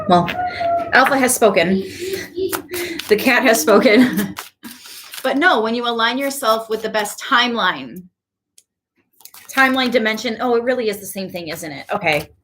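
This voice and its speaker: A woman giving a casual tarot reading to her viewers, chatty and quick to laugh, with animated asides. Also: fairly high pitch, background noise. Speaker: tarot reader.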